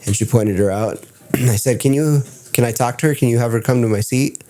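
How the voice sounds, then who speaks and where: A man telling stories as a podcast guest in casual chat, excitable and swearing freely. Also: medium pitch, fairly quick. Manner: excitable, profane storyteller.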